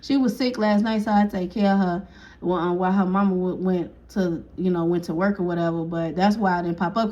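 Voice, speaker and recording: A woman's voice: a little high, muffled recording. A woman telling a casual storytime, acting out each person's lines and laughing often. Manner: animated, acts out quotes, laughs often.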